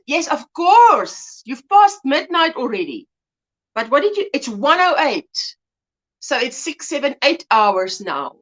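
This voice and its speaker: Middle-aged woman hosting a home livestream, from South Africa, bubbly, high voice with big swings. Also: fairly bright tone, muffled recording. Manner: chatty, greets viewers by name, laughs often. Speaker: livestream host. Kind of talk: casual livestream chat.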